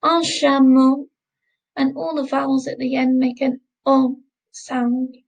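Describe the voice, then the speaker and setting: A woman teaching a recorded French lesson, modelling words slowly and repeating them for learners to copy. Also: sits high, flat delivery, a little mellow, husky, poor audio. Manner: slow, careful pronunciation drills, repeating words.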